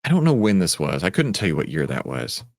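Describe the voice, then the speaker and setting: A man with a fairly low voice answers viewer questions on a live trading stream, rambling and poking fun at himself. His pitch swings widely as he gets animated, and the sound is dry and close with almost no room. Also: quick pace, gravelly, no room sound. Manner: animated, rambling, self-mocking. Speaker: trading coach and stream host.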